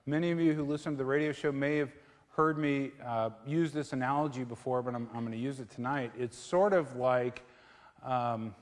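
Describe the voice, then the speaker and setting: Halting man giving a stage talk. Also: mid-range voice, in a large hall. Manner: halting, many fillers and restarts. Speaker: guest speaker on investing. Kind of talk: live public talk with jokes. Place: theatre stage.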